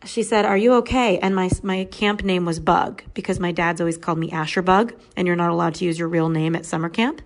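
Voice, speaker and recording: Low, gravelly-voiced woman podcast host. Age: 30s. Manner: candid, conversational, with fillers. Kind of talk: personal storytelling.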